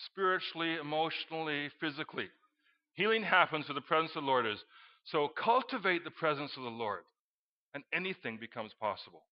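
Middle-aged male preacher, animated storyteller with sudden loud exclamations, slightly high voice. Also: brisk. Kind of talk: sermon with storytelling. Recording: dull lo-fi recording.

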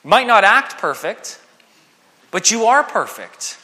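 Bright-voiced male preacher in a hall. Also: sits high, unhurried. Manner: animated, acts out quoted voices. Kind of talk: sermon. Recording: long hall reverb.

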